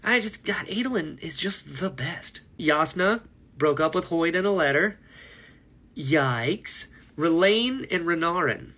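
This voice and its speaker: A man's voice: on the high side, animated, slow pace, sharp tone. A man talking casually to camera about a book he is reading, rambling and enthusiastic, laughing at himself. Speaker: book vlogger. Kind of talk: casual book reaction vlog.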